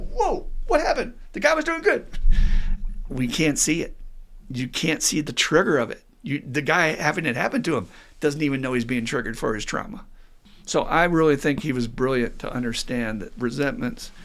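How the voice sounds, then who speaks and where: A middle-aged man, hosting a podcast as an addiction counselor and telling stories in a lively way. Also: medium pitch. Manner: lively storyteller who acts out quotes with laughs. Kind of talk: casual podcast monologue.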